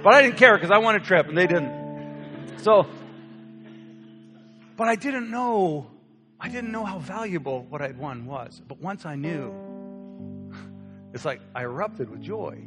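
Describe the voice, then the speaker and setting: A young man preaching, telling a personal story with lively acted-out voices. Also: sits high, measured pace, pauses often. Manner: animated storyteller acting out quoted voices. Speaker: pastor. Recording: long hall reverb with soft guitar.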